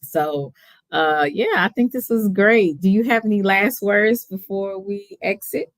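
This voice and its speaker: A woman's voice: mid-range voice, measured pace, dry recording. A woman with a Texas accent hosting a casual livestream chat, chatty and hesitant with many ums, often laughing. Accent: Texan. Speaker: host.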